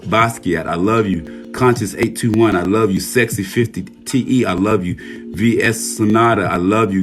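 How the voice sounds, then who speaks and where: A hoarse man hosting a casual livestream, reading out viewer names and speaking earnestly, with frequent swearing. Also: lowish voice. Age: adult, a military veteran. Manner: warm shout-outs reading viewer names. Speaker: livestream host.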